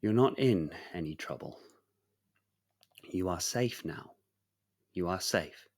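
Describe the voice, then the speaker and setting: A man voicing a weary, gentle knight in a spoken story, talking in a calm, hushed and reassuring way. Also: deep voice, slow pace.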